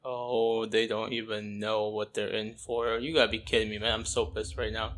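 An exasperated man commenting as he plays a video game, repeating himself in outbursts. Loud game music plays under his voice. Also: on the low side, little pitch movement, normal speed. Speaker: gaming channel host. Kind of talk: let's play reaction commentary. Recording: game music playing loudly behind the voice.

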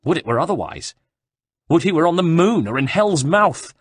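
A man voicing a bitter, hot-headed young exiled nobleman who rants indignantly, in a dry, husky recording. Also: fairly high pitch, very animated, normal speed, no room sound, voice pushed up. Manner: indignant, ranting.

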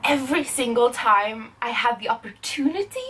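A young woman from Norway vlogging excitedly, laughing often and quoting herself. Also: a little high, moderate pace, husky. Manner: giggly, laughs often, quotes herself in bursts. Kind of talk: excited personal vlog.

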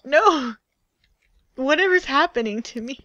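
A woman's voice: high-pitched, lively intonation, measured pace, bright, forceful tone, no room sound, muffled recording. A woman chatting casually while playing a video game, giggling often. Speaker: game streamer. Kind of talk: casual gaming chat.

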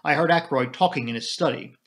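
A man voicing a gruff middle-aged army major who talks in clipped, terse phrases. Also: on the high side, fast talker, natural voice. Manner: clipped, terse, drops sentence subjects.

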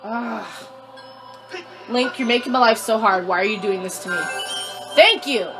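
A young woman hosting a let's play, panicking, squealing and shouting at her game character, repeating words in quick streaks. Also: mid-range voice. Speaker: gaming channel host. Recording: faint game music behind.

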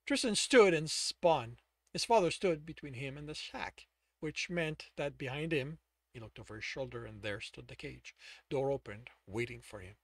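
A man reading his own novel aloud, dramatic and expressive, stopping to correct himself. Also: medium pitch, normal speed, no room sound. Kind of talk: audiobook narration.

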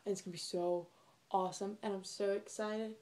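A woman's voice: mid-range voice, fairly even intonation, fairly quick, a little mellow. A young woman chatting casually to camera as a vlogger, bubbly and gushing as she rambles.

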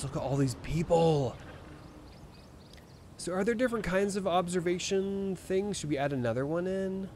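A man's voice: mid-range voice, a little hiss or hum. A young man streaming a video game live, chatting with viewers and reading game text aloud as he plays. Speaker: gaming streamer. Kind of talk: live let's play commentary.

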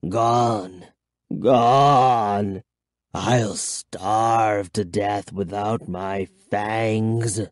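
A man voicing an ancient, gloomy male vampire count in an audiobook, speaking in slow, drawn-out murmurs. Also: fairly low pitch, steady tone, dry recording, studio quality, voice pushed down. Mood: mournful. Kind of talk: audiobook character voice.

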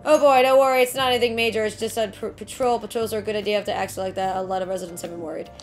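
A woman's voice: medium pitch, fairly even intonation, rapid-fire, soft background music, close to an everyday voice. Matter-of-fact video game cop, read aloud by a woman, reassuring tone. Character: calm adult male police officer. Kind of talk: game dialogue reading.

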